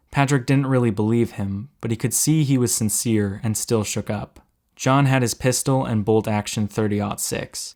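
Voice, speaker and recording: Low-voiced man reading a story. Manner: steady measured storytelling, slowing for suspense.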